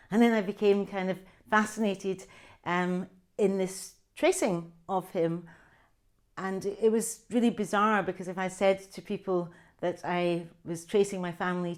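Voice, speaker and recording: A woman in her sixties, an author introducing and reading from her memoir in a gentle, reflective way. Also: fairly low pitch. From Scotland. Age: 60s.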